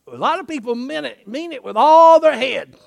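A middle-aged man preaching a lively sermon in a folksy way. He laughs often, asks his listeners "isn't that right?" and acts out the people in the passage he is reading. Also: very high-pitched, moderate pace, gravelly, dull audio. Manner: animated, folksy, laughing often, acting out quotes.

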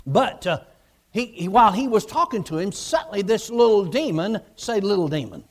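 Male preacher with a high voice, emphatic and repetitive storytelling in a sermon. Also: sing-song, normal speed. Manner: emphatic and repetitive, retelling a vision with quoted dialogue.

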